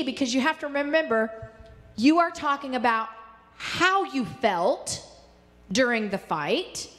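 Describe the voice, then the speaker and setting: A woman giving a faith-based teaching talk on relationships, animated, acting out angry inner voices and slowing down to stress key points. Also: sits high. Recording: long hall reverb.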